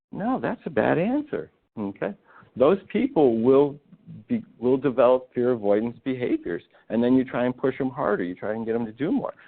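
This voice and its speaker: A man giving a continuing-education talk to physical therapists, emphatic and full of rhetorical questions. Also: mid-range voice. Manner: emphatic, rhetorical questions, acts out patient quotes. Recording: tinny phone-like webinar audio.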